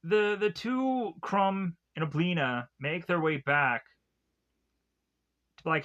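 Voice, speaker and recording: A man talks through a cartoon episode, rambling and loose, with filler words in nearly every sentence. His voice sits a little high and sounds bright and forward. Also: a little slow, pauses often, lo-fi sound. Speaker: cartoon reviewer. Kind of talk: casual episode recap.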